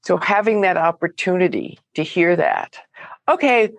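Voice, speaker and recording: A woman guest speaks over a video call in a slow, unhurried way. Her pitch rises and falls a lot as she responds emotionally. The sound is dry, with no room echo. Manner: emotional and expressive. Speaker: guest author. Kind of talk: conversational interview.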